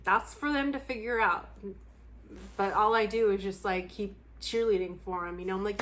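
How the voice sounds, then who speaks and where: A woman's voice: mid-range voice, a little slow, fairly bright tone, a little hiss or hum. A young adult woman talking bluntly and candidly to camera in a casual vlog chat, laughing often and swearing freely. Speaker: book vlogger.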